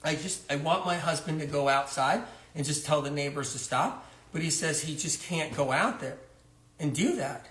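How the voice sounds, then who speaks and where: A man's voice: on the high side, normal speed, fairly bright tone, lightly acted. A man voicing a frantic new mother of newborn twins in a comedic phone sketch, tearful and indignant as she complains and pleads. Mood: weary. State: tearful, near crying. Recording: roomy echo.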